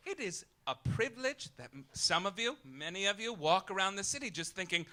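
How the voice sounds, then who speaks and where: Campy male stand-up host, high lively voice, arch delivery with sudden loud outbursts. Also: a little fast, hardly any pauses, some chatter behind. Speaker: comedic host. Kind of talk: live stand-up monologue. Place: live club stage.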